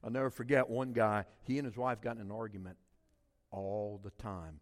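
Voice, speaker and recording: A middle-aged man, preaching a sermon as a pastor, swinging between loud emphatic passages and quiet ones. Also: on the low side, moderate pace, in a large hall. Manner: animated preaching with big swings in loudness.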